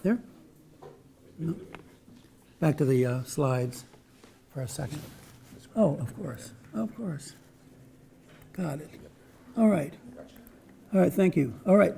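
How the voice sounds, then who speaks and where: A man's voice: fairly high pitch, animated, slow, creaky, long pauses, mellow, slight background noise. A man giving an informal academic talk with slides, chatty and full of restarts and asides. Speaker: lecturer.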